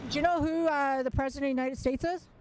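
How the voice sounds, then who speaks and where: A woman's voice: high-pitched, fairly even intonation, fast, a little mellow. A woman interviewing passers-by on the street, firing off blunt, provocative questions and laughing often. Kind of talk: street vox-pop interview. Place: outdoors on a city street. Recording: street traffic noise.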